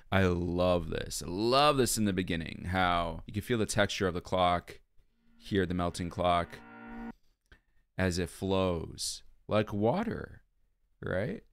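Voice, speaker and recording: A man's voice: on the low side, smooth, no echo, clean studio sound. A man hosting a music video reaction, talking casually and gushing about what he sees and hears. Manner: animated, gushing, hums along to the melody.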